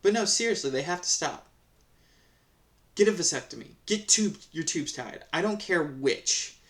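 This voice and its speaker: A man's voice: a little high, expressive, moderate pace, fairly bright tone. A man reading Reddit stories aloud and reacting in casual commentary, swearing freely and ranting with lots of restarts. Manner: profane, heated ranting; rambling with frequent restarts. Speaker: Reddit story reader and commentator.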